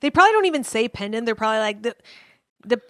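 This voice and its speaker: A woman's voice: a little high, big pitch swings, rapid-fire, a bit bright, dry recording, studio quality. A woman co-hosting a podcast, bantering playfully with crude jokes. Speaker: podcast co-host. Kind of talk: casual comedic chat.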